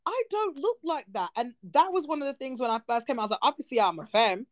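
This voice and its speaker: A woman in her thirties chatting casually on a talk show, animated and expressive, with quick asides. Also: high voice, no room sound, studio quality. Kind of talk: casual chat.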